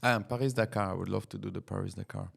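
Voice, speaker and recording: A middle-aged man with a low voice and a gravelly edge talks casually as a podcast guest. He pauses often on fillers and laughs his way through stories. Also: steady tone, fairly bright tone. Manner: hesitant, many fillers, laughs through anecdotes. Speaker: racing driver guest.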